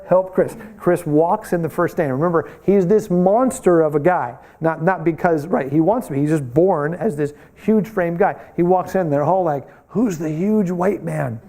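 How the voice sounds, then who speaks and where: A man teaching a missions class, telling animated stories and acting out the voices of the people in them. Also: fairly high pitch. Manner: animated storytelling, acts out voices in quotes.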